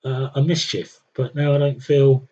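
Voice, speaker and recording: A man's voice: mid-range voice, level tone, normal speed, warm tone, dull audio. A young man streaming a strategy game, thinking aloud with wry, muttered commentary. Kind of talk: casual live gameplay commentary.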